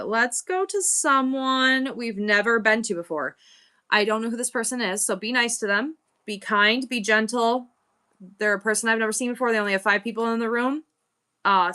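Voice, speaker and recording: A woman's voice: a little high, bright, forceful tone. A woman chatting casually on a livestream from her shop, effusive and thankful toward her viewers. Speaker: livestream seller. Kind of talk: casual live-stream chat. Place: indoors in her shop, a former thrift store.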